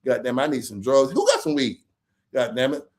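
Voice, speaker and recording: Animated, profane man ranting on a livestream. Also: medium pitch, normal speed. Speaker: livestream host. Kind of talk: late-night livestream rant.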